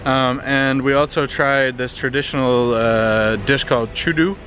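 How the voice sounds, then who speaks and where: A man's voice: medium pitch, measured pace, slight background noise. Tired man vlogging on a city street. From Canada. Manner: relaxed, rambling with many fillers. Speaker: travel vlogger. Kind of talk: casual travel vlog narration. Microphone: handheld compact camera.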